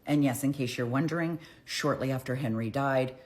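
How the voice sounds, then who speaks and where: A woman's voice: rumbling low, moderate pace. A woman telling a history story in a casual, irreverent, profane, chatty way.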